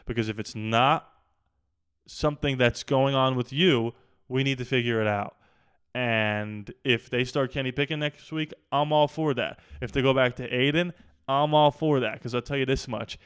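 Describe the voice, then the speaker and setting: A man hosting a sports video, giving an exasperated, opinionated rant that keeps building to loud outbursts. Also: medium pitch, moderate pace, clean tone. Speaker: sports vlogger.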